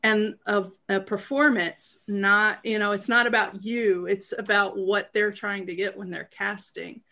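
Sex: woman. Role: voice actor and podcast guest. Style: casual chat, thoughtful and hesitant with many fillers and unhurried speech, plus a gravelly edge to her voice. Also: medium pitch, steady tone, bright, forceful tone.

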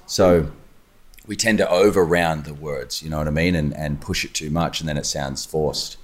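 An Australian man, an actor guest, chatting casually with relaxed, rambling phrasing. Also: extremely low pitch, normal speed. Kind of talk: casual podcast chat.

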